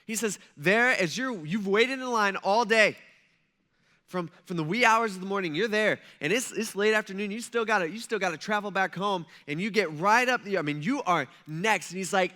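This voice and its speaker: Man, pastor, conversational sermon, high voice, storytelling. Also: brisk, pushed and bright. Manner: conversational storytelling with quoted asides. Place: church.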